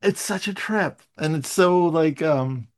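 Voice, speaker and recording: A man hosting a casual chat, telling travel stories with quick asides and laughs, over a video call. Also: fairly high pitch. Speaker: host.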